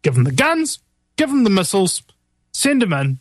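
A man rants through sarcastic political commentary, mocking and animated, often breaking into laughter at his own jokes. His voice sits a little high for a man. The recording is dry and close, with no room sound. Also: normal speed, no room sound.

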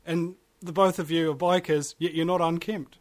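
A man's voice: a little high, steady tone, moderate pace. A man, a podcast guest who talks at length with strong opinions. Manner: opinionated, ranting, talkative. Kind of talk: casual podcast chat.

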